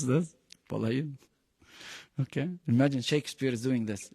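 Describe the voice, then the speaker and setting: A man's voice: medium pitch, racing, dark tone, slightly rough. Man w/ teaching a quran class, keeps asking the room questions, long hall echo. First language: Arabic. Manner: quizzes the class with frequent questions; emphatic, mixes Arabic phrases into English. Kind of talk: Quran lesson to a live class.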